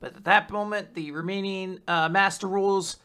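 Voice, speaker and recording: This co-host has a bright, forward voice and a mid-range pitch. They retell the story loosely, circling back with fillers and quick asides. It is casual, conversational podcast talk. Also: steady tone, clean tone. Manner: rambling retelling, many fillers, laughs between lines. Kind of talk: casual manga recap chat.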